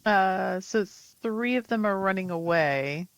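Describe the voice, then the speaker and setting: Gravelly-voiced woman joking through a game. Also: medium pitch, animated, unhurried, no room sound. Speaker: player. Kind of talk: casual tabletop game play.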